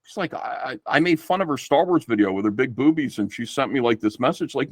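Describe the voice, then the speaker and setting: A middle-aged man chatting casually as a guest on a livestream, telling stories in a rambling, profane, animated way. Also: medium pitch, fast talker, dry recording, studio quality. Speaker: guest comic book artist.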